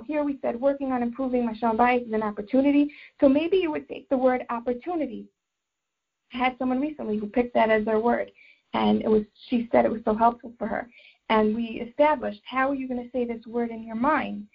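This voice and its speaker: A woman's voice: high-pitched, dull audio. A woman teaching a religious class mixed with life coaching, explaining step by step and repeating phrases as she thinks.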